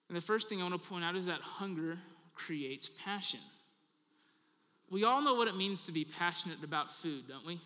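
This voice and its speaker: A man preaching a sermon as pastor, earnest and repetitive, letting his phrases trail off softly at the ends of points. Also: on the high side. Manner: talks with children in the audience. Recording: long hall reverb.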